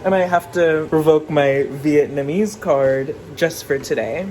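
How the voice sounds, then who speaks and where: A man's voice: fairly high pitch, a little slow, a little mellow. Casual male vlogger, dramatic slangy delivery, kitchen fan humming faintly behind. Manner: dramatic, filler-heavy slang talk. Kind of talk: casual chatty vlog. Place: home kitchen. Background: fume hood noise.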